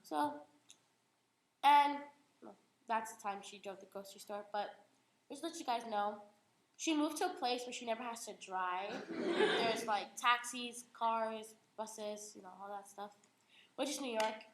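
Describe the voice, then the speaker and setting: A teenage girl retelling a story aloud in an animated, giggly way, full of "like". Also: fairly high pitch, measured pace. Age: teens. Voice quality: giggly, lots of "like". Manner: animated, acts out the voices. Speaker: young storyteller. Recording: echoey room with faint noise.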